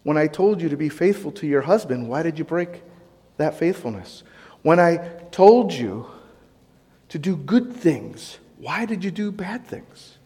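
A male preacher voicing God as a sorrowful father, quietly questioning a wayward child during a sermon. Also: fairly high pitch, expressive, measured pace, husky, big-room sound, full character voice. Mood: grieved, hushed. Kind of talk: sermon role-play.

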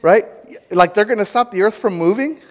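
A man giving an interactive sermon, conversational and animated, asking his audience questions and wandering into asides. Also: high-pitched, brisk, in a large hall. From United States. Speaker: pastor or Bible teacher.

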